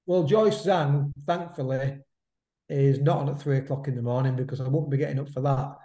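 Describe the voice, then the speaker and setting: This is a man in his fifties chatting on a podcast, his voice dark and mellow. He loops back on his phrases and tags them with "isn't it?" The sound carries a noticeable room echo. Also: medium pitch, fairly even intonation, fairly quick. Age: 50s. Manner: chatty, repeats himself, drops in "mate" and "isn't it?" tags. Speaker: podcast co-host. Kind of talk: casual chat about boxing. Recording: roomy echo.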